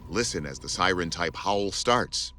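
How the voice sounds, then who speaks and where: A man's voice: sits low, unhurried. A man narrating a documentary as host, in a scripted, dramatic delivery. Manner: dramatic, lively intonation. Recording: voice-over with music.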